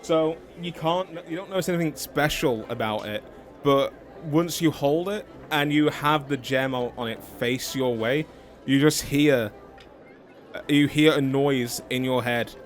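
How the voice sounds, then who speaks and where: A man narrating as game master in a tabletop game, relaxed and full of fillers. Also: medium pitch, unhurried. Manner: relaxed, thinking aloud with many fillers. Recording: background music under the talk.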